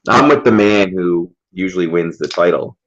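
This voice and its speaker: A man with a deep, low voice hosts a casual livestream. He reads viewer comments aloud and greets people by name. The stream audio sounds dull and lo-fi. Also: normal speed, a bit bright, a little hiss or hum. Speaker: livestream host.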